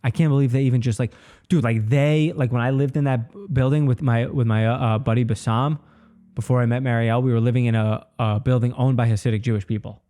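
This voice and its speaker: A man's voice: mid-range voice, steady tone, fast talker, dark tone. A man in his twenties, a comedian hosting his own podcast, rambling alone in a casual, profane way and saying "dude" often. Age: 20s. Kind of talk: casual solo podcast monologue.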